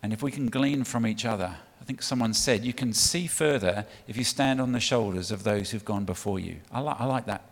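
A man's voice: medium pitch, fairly quick, creaky, hardly any pauses. Middle-aged english guy giving a chatty church talk, lots of ums, big hall echo. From England. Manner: chatty and warm, with frequent ums and restarts. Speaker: guest speaker for a child sponsorship charity. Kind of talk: sermon talk to a church congregation. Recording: long reverb of a large hall.

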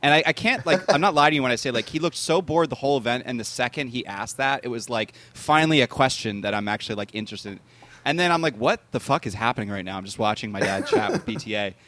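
A man's voice: medium pitch, expressive, fast, fairly bright tone. A young man chatting casually as a podcast co-host, telling rambling anecdotes full of fillers and restarts. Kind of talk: casual chat.

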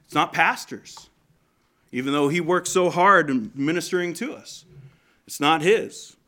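Bright-voiced man preaching a sermon. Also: fairly high pitch, unhurried. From Canada. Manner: conversational, asks the congregation questions.

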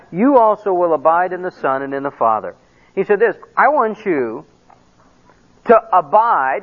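Animated high-voiced preacher, tinny sound. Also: male voice. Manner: animated preaching with quoted dialogue and asides. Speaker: pastor. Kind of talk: sermon. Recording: tinny phone-like lo-fi recording.

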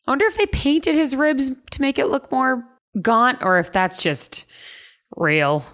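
A woman's voice: high-pitched, sing-song, unhurried, fairly bright tone. A woman on a casual movie podcast, making jokes and sympathetic asides. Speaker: podcast co-host.

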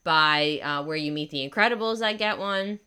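A young woman with a low, bright and clear voice chats eagerly about her favorites, filling her sentences with "like." She sounds crisp and forward, relaxed in casual conversation. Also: normal speed. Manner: chatty, enthusiastic, lots of "like". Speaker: podcast host. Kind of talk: casual chat.

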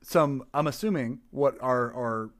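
A man's voice: medium pitch, measured pace, no room sound. A man in easygoing podcast chat, rambling and laughing as he talks. His voice sits in a middle range, and the sound is dry and close to the mic. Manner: chatty, laughs often, rambling restarts. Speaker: podcast co-host. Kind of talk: casual chat.

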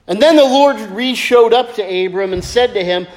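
A man preaching a sermon as pastor, lively and joking as he tells stories. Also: high voice, normal speed, hardly any pauses. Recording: echoey hall with long reverb.

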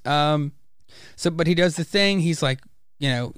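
A man's voice: a little high, normal speed, clear, resonant tone, no room sound, clean studio sound. A man hosting a casual podcast about comics, animatedly retelling scenes and acting out the characters' lines. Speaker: podcast host. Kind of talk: casual comic book discussion.

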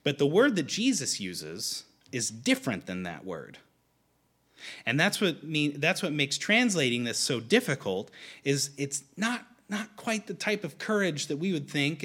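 A man's voice: on the high side, very animated, measured pace, fairly bright tone. A man preaching a sermon in a conversational way, often restarting his sentences. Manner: conversational, with frequent restarts and fillers.

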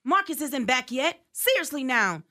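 A woman's voice: high voice, sing-song, normal speed, bright, forceful tone, full character voice. An actress playing a worried sharecropper's wife and mother in an audio drama. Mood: anxious. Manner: pleading, anxious.

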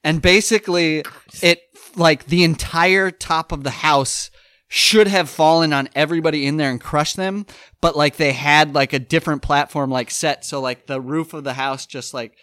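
A man's voice: on the high side, normal speed, clean tone, no room sound. Guy rambling through stories on a podcast, lots of likes and uhs, dead dry sound. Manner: rambling, animated storytelling with many fillers. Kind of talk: casual chat.

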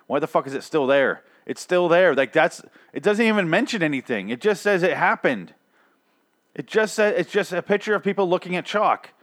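A man's voice: high-pitched, animated, normal speed, a bit bright. Profane, exasperated man ranting. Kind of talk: casual comedic rant.

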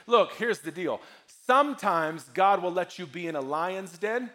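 A man preaching a sermon as pastor, swinging from loud, emphatic lines to hushed ones. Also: high voice, animated, moderate pace, few pauses.

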